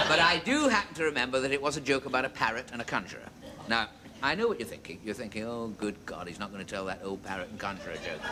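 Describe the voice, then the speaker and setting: A man's voice: medium pitch, background noise. A man telling a long joke on stage in a dry, chatty way with asides. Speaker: comedian. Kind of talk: stand-up monologue.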